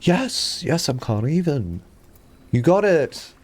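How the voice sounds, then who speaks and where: A man chatting casually on a live stream, rambling and laughing often, jumping up high when excited, on a headset mic. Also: unhurried, gravelly.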